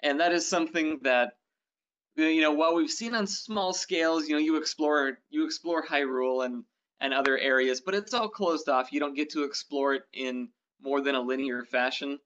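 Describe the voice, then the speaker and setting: Male gaming co-host, higher voice, rambling eager chat, lo-fi sound. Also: moderate pace, a bit bright. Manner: rambling, enthusiastic, many ums and restarts. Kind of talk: casual game news chat. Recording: dull lo-fi sound.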